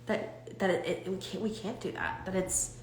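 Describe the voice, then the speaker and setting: A young woman coaching her audience on a live stream, talking in an animated, rambling way with many restarts. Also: mid-range voice, normal speed, reverberant, a little hiss or hum.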